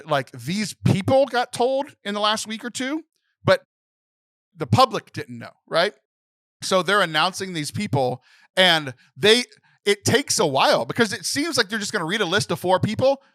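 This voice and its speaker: A young man co-hosting a podcast speaks in a high-pitched, slightly bright voice on a dry recording. In this casual chat he is emotional and near tears, rambling and restarting often.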